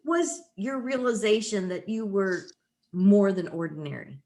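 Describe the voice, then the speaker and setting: A woman hosting a podcast, an encouraging interviewer who talks in a casual, expressive way. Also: mid-range voice, a little slow. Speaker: podcast host. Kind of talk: conversational interview.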